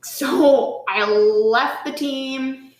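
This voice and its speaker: A woman's voice: high-pitched, extremely slow. A woman guest telling a story in casual chat, full of "like" and swearing, acting out what people said. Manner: animated, swearing, lots of "like", acts out quotes. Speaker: podcast guest. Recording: roomy echo.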